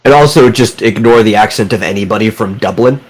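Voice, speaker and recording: A man in casual stream chat, talking in a steady, advice-giving way. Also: on the low side, fairly quick, rough recording.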